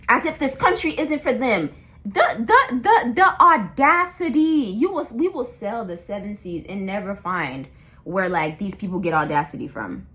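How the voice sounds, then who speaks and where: Young woman, casual vlog rant, blunt and slangy, fairly high voice. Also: sing-song, normal speed, a bit bright. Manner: blunt, slangy, impassioned, with repetitions and restarts. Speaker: vlogger. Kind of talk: casual ranting monologue.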